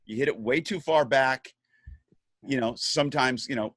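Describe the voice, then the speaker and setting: A man hosting a podcast, relaxed, prompting his guests with questions. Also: medium pitch, normal speed, dry recording. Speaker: podcast host. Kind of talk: casual podcast interview.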